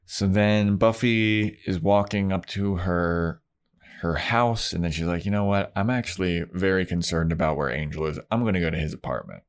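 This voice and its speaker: Low-voiced man recapping a show casually. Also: moderate pace. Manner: retells scenes with exaggerated quoted voices. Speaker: podcast co-host. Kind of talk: casual chat recapping a TV episode.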